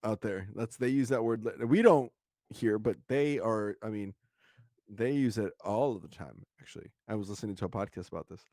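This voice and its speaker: A man hosting a podcast, chatting casually and excitably and swearing freely. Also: lowish voice, moderate pace, no echo, clean studio sound. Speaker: podcast host.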